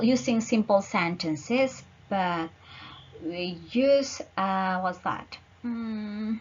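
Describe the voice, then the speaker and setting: Slow-talking husky woman lecturing. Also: mid-range voice, fairly bright tone, highs cut off. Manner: slow, searching for words with fillers. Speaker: teacher. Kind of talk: online lecture.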